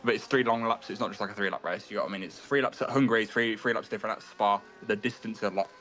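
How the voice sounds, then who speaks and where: A man's voice: on the low side, rapid-fire, fairly bright tone. A man co-commentating a live online race from his desk, often stumbling, correcting himself and apologizing. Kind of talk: live sim racing commentary. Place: home desk.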